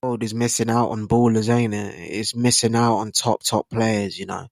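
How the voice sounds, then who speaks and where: Young bloke, twenties, low gravelly voice, dry close sound, slangy rambling football chat. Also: male voice, level tone, moderate pace, dry recording. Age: 20s. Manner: slangy, rambling, asks rhetorical tag questions. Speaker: football channel host. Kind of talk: casual football opinion monologue.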